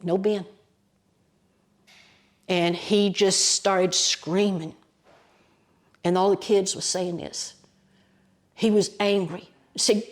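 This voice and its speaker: A woman with an Appalachian accent, a guest storyteller, telling a story in a lively, folksy way with colloquial mountain phrasing. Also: mid-range voice, slow, pauses often. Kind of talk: animated oral storytelling.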